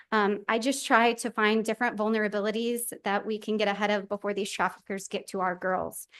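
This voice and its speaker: A woman's voice: medium pitch, clean tone. A woman advocate speaking sincerely and steadily to a city council from a podium microphone in a council chamber. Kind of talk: public comment at a council meeting.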